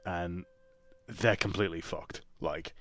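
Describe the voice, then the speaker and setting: A man narrating as game master, casual and quick to laugh or swear. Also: sits low, steady tone, a bit bright, no room sound.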